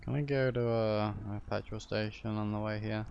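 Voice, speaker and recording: A man's voice: fairly low pitch, fairly even intonation, normal speed, creaky, hardly any pauses, darkish tone, a little hiss or hum. A man streaming a game live, chatting casually with friends, teasing and swearing offhandedly.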